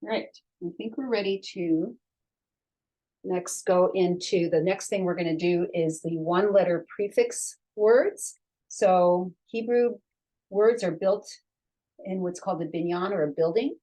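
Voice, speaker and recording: Slow, patient woman teaching Hebrew. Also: lowish voice, warm tone. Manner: slow, patient, sounds out syllables for learners to repeat. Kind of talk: online language lesson.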